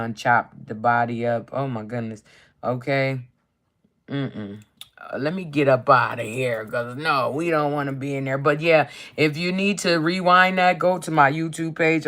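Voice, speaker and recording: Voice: medium pitch, fairly bright tone. A card reader on a casual live stream who reads card keywords aloud as lists, swears casually and keeps asking "okay?". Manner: casual and profane, often tags lines with "okay?".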